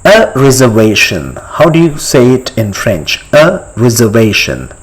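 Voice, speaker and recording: A man teaching a step-by-step language lesson, repeating each word slowly and quizzing the listener. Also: medium pitch, big pitch swings, breathy edge, low-quality recording. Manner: slow, deliberate, repeats each word for practice; asks the listener questions and pauses for answers.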